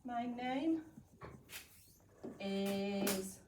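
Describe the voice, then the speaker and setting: A woman's voice: mid-range voice, animated, drawn-out words. A woman teaching a primary class, thinking aloud as she models writing and encouraging the pupils. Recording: echoey classroom from far off, noisy.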